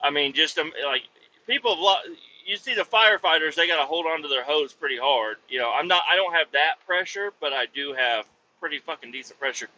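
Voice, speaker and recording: A man spins a long, meandering work story and swears freely all the way through. His voice rides slightly high with a piercing, forceful brightness. The recording sounds somewhat muffled and lo-fi, with a faint hum of ambience behind him. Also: expressive, brisk. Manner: rambling, heavy swearing. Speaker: podcast host, vacuum truck operator. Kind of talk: casual storytelling monologue.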